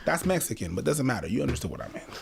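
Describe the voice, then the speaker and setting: A man's voice: medium pitch, big pitch swings, very fast, vocal fry, slight background noise. A man in a casual discussion who speaks bluntly and swears freely, clip played from another video.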